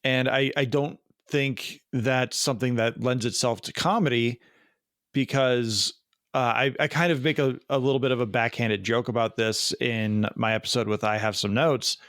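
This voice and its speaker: A man's voice: medium pitch, fairly even intonation, normal speed, fairly bright tone, no echo, clean studio sound. A man from the Midwest co-hosting a podcast from his basement, chatting casually in a sardonic, rambling way. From American Midwest. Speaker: podcast co-host. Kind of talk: casual chat. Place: home basement.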